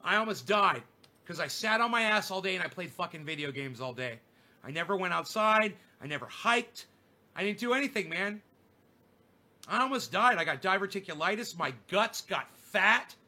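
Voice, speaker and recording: A man's voice: high-pitched, animated, normal speed, bright, forceful tone. Angry, profane man ranting. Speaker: streamer. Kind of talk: ranting livestream monologue.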